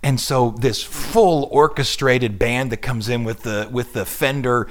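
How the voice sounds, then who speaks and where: A middle-aged man hosting a radio show in casual chat, explaining music with animated asides. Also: mid-range voice, measured pace. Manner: animated, hums and imitates instrument sounds while explaining.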